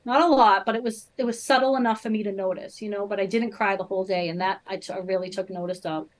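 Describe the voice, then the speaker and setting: A middle-aged woman from the Boston area, with a medium-pitched voice and steady tone, talks at a quick pace on a rough recording. As a podcast guest, she earnestly tells her personal faith story in a casual interview, full of fillers.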